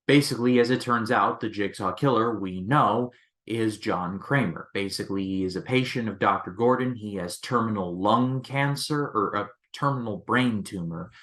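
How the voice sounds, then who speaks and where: Man with a lowish voice reviewing movies. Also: a bit bright. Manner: rambling, leans on "basically" and restarts. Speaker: movie review channel host. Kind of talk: casual movie review talk.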